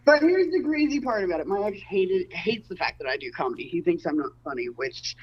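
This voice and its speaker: A woman's voice: lowish voice, expressive, brisk, husky, distant mic, muffled recording. A woman doing a stand-up comedy set from home over a video call, in a rambling, self-interrupting way. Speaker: stand-up comic. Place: home room.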